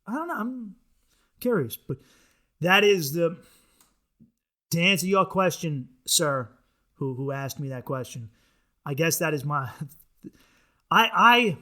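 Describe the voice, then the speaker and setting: A man's voice: on the high side, bright, forceful tone. A man hosting a comedy podcast, rambling through a crude, profane monologue. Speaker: podcast host.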